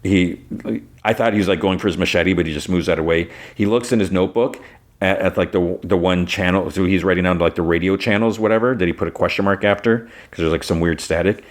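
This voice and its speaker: A man's voice: deep voice, fairly even intonation, quick pace. A male podcast host casually recapping an episode in a rambling, filler-heavy retelling.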